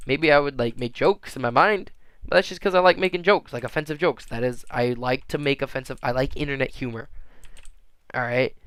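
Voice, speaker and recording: A man's voice: medium pitch, a bit bright, clean tone, dry recording. A man rambling through a casual monologue, often restarting and tagging on "all right?". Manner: halting, frequent restarts and fillers.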